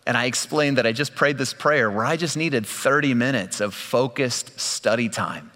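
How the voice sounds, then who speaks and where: Male pastor, conversational sermon, frequent restarts, sharp bright tone, long hall echo. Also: medium pitch, normal speed. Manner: conversational storytelling with repeated restarts.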